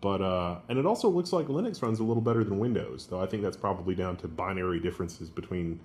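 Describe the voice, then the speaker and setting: A man's voice: low voice, animated, fast talker, a little mellow, a little hiss or hum. A man co-hosting a tech news show who explains hardware details in a casual chat.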